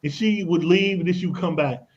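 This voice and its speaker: Male radio guest expert with a high-pitched voice; pushy, persuasive delivery peppered with slang, heard on a muffled broadcast. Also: brisk, breathy edge. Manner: emphatic, persuasive, casual slang. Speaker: credit and tax expert guest. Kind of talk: radio talk show guest explaining. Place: radio studio.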